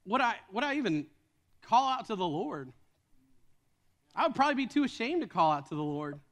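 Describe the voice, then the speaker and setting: High-voiced young man preaching. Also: sing-song, fairly quick, fairly bright tone. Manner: earnest, repeats words when starting sentences. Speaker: pastor. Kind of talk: sermon.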